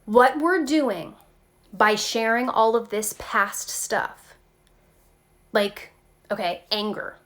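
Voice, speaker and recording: A woman talking casually to her viewers about spiritual growth, animated and chatty, often saying "like" and "okay". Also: fairly high pitch, slow, long pauses. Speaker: spiritual tarot vlogger.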